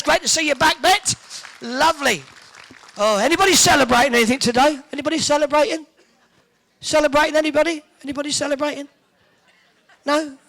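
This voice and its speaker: He's a host from Hertfordshire, England, bantering cheekily with an audience at a live event in an indoor hall, always quick with a teasing joke. The voice is very high, pushed and bright.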